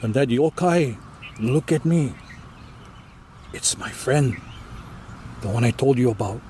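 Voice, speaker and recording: A man's voice: mid-range voice, lively intonation, slow pace, mellow, slight background noise. A man voicing an older local woman in earnest, pidgin-flavored speech with a Hawaiian accent. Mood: urgent. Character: older local woman telling her ghost tale.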